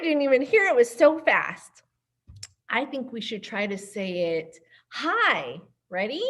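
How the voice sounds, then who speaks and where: A woman's voice: fairly high pitch, very animated, slow pace, fairly bright tone. A woman hosting a virtual children's storytime as a librarian, upbeat and sing-song, speaking to little kids and their caregivers over a computer mic.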